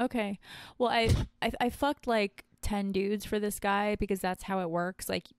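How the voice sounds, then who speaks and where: Woman, smooth clear voice, dry close mic, frank profane storytelling. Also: medium pitch, fairly even intonation, normal speed, no room sound. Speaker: podcast co-host. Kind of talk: casual podcast chat.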